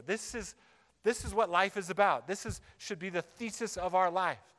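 A man's voice: high voice, moderate pace, fairly bright tone. A man preaching a sermon as a pastor, earnest and emphatic, repeating key phrases for weight. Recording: long hall reverb.

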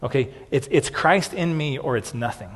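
Earnest pastor preaching in a reverberant hall. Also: male voice, mid-range voice, expressive, moderate pace. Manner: earnest, repeats words, frequent "okay". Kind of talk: sermon.

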